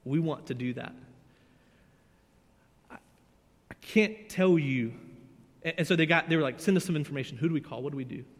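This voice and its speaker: A man, preaching a sermon as a youth pastor, earnest and emotional, swinging between loud and hushed. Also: fairly high pitch, normal speed, long pauses. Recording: church hall with long reverb.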